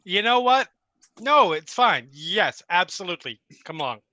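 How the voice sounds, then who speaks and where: A man with a high, very bright and sharp voice plays a tabletop game. He answers tersely and dryly, speaking mostly in short phrases. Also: sing-song, moderate pace, highs cut off. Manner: terse, dry replies. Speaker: player. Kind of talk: casual in-character chat.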